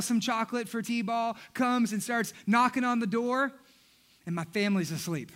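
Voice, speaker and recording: A man's voice: very high-pitched, moderate pace, fairly bright tone. A man, a pastor preaching a sermon in church, telling funny stories and talking straight to the congregation. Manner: humorous storytelling, talking directly to the congregation.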